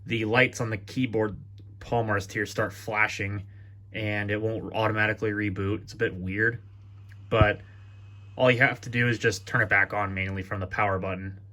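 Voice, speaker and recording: A man's voice: fairly low pitch, level tone, normal speed, bright, forceful tone. A man talking casually through a laptop setup in a vlog, thinking aloud and correcting himself as he goes. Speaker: tech vlogger. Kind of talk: casual tech walkthrough vlog.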